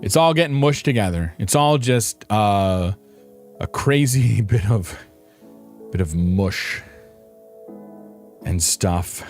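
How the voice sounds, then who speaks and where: A man's voice: on the low side, expressive, slow pace, long pauses, faint music behind. A man streaming a game, chatting casually with viewers in a playful, rambling, self-mocking way. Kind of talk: casual live-stream chat.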